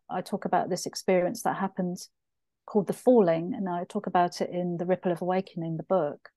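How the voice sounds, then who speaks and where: Middle-aged woman talking about her life in an interview, mellow voice, dry close sound. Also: medium pitch, dry recording. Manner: earnest, reflective, acts out her own past thoughts. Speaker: author and interview guest. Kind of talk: conversational interview storytelling.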